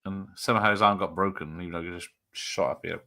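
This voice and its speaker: A man's voice: low voice, steady tone, fast talker, gravelly, bright, forceful tone. A man hosting a casual film watch-party stream, joking, laughing often and swearing freely. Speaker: stream host.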